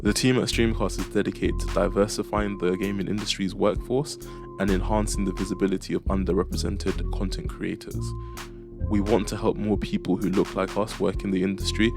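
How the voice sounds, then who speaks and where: A man's voice: deep voice, level tone, fairly quick, gravelly, over music. A man speaking for a company, delivering a formal prepared statement.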